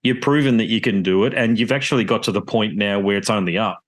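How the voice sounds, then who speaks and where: A man's voice: fairly low pitch, fast. A man hosting a podcast interview, rambling and opinionated, with casual swearing. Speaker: podcast host.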